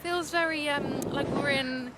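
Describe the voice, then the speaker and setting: A young woman vlogging in a relaxed, chatty way, talking straight to her handheld camera with quick asides. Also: sits high, very noisy. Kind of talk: casual vlog chat. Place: home, then an outdoor restaurant. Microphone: handheld camera or phone.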